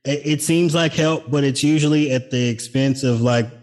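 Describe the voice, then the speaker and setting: A man hosting a casual political podcast with a middle-range voice. He mixes news reading with dry, sarcastic jokes. His talk is relaxed and conversational. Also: mid-range voice, moderate pace. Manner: wry, sarcastic asides. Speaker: podcast host.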